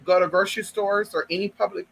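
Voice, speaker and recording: A man telling a personal story to viewers in an animated, profane way, often calling them girl and y'all. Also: high-pitched, fast talker, vocal fry, slight background noise, rough recording. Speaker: vlogger. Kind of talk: casual storytime monologue.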